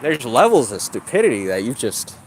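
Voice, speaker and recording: Profane ranting man, lively pitch. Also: brisk, a little hiss or hum. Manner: profane, mocking, combative. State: exercising while talking. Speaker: livestreamer. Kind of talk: ranting outdoor livestream.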